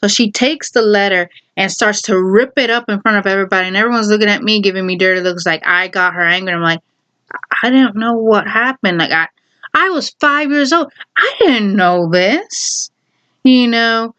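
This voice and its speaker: A woman's voice: mid-range voice, moderate pace, pushed and bright. A woman telling a personal story in casual chat, rambling with lots of fillers and frequent laughs.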